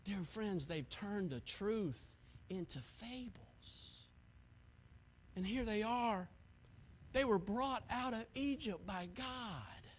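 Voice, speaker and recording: High-voiced preaching man, loud and soft. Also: lively intonation, slow pace, slight background noise. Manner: preacherly, swings from hushed to shouting. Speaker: pastor. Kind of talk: sermon.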